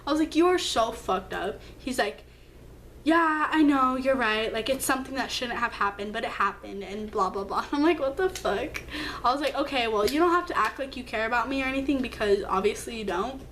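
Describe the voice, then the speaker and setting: A young woman with a high voice tells a personal story straight to camera. She sounds hurt and keyed up, swearing a lot and jumping higher as she acts out the messages. A faint hiss sits under her voice. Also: fairly quick, a bit bright. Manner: emphatic, swearing, acts out texts with leaps in pitch. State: upset, hurt. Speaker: vlogger. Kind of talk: storytime vlog.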